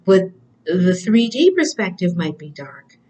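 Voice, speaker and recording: Spiritual reader, female, lowish voice, conversational and searching for words. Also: big pitch swings, measured pace, darkish tone, poor audio. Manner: earnest, conversational. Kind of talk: spiritual talk.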